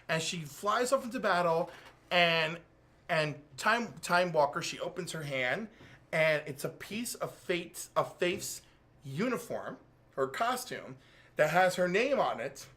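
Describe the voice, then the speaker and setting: A man co-hosting a casual podcast, recapping a comic book and acting out the characters' lines in quick voices. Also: sits high, lively intonation, pushed and bright. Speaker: podcast co-host.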